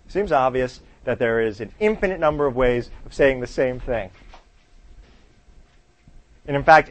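A man teaching a class in a conversational lecture style. He quizzes the students and keeps checking in with "right?". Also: medium pitch.

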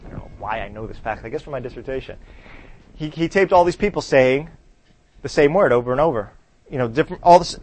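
A male teacher lectures in a classroom, talking loosely and conversationally. His pitch sits at an ordinary middle height. He keeps throwing questions at the class and tagging his points with "right?". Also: darkish tone.

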